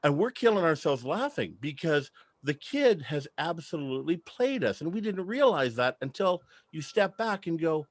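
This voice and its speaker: A man's voice: on the high side, sing-song, normal speed, no room sound. A man in his thirties doing a stand-up comedy set, telling chatty stories with act-outs.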